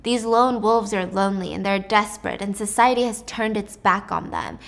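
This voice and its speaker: A woman's voice: mid-range voice, moderate pace, vocal fry, a bit bright. Woman playing a preachy male commentator, smug, certain. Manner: preachy, self-assured. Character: smug male pundit on the news.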